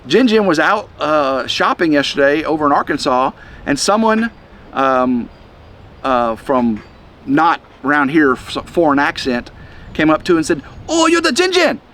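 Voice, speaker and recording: A middle-aged man, talking to the camera outdoors in the wind in a halting, rambling way, a little chest-congested. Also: on the high side, lively intonation, fairly bright tone. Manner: rambling, halting, many restarts. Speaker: vlog host. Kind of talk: casual rambling vlog.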